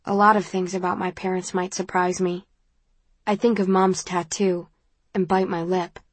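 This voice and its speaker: A woman narrating an audiobook in the first person, measured and intimate. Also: fairly low pitch, little pitch movement, dry recording.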